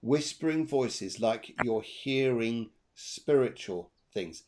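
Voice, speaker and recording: A man hosts a live psychic reading show. He is chatty and animated and laughs easily. His voice sits at a middle pitch. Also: slow. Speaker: medium and show host.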